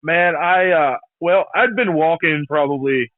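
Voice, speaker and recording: A man's voice: on the high side, a little slow, no echo. A man talking as a podcast guest in casual chat, laid-back, repeating words and saying man and bro a lot. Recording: tinny phone-like line.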